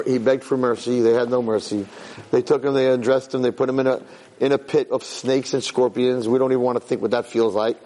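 A man giving an animated Torah class. He repeats phrases for emphasis and mixes Hebrew terms into his English. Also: mid-range voice, in a large hall, slight background noise, poor audio. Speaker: Torah teacher. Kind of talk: Torah class on the weekly portion.

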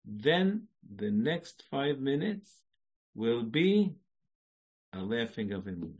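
A man's voice: medium pitch, sing-song, slow, darkish tone, breathy edge. A man teaching an inspirational Jewish class in a chatty way, laughing at his own jokes and mixing Hebrew and Yiddish phrases into his talk. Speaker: Jewish lecturer.

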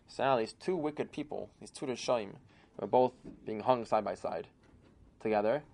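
A man telling a folk tale aloud in an animated manner, with sudden emphatic bursts. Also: medium pitch, moderate pace, gravelly. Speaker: storyteller. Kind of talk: oral storytelling.

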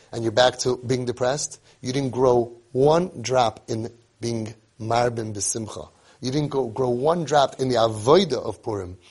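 A man's voice: mid-range voice, darkish tone, slightly rough. A man giving an emphatic sermon, repeating phrases and telling a story.

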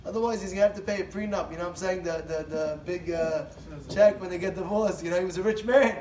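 A man tells a story in a lively talk and acts out each of the people in it. His voice sits fairly high and sounds roomy. He is picked up from a distance, over a faint ambient hum. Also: fast talker.

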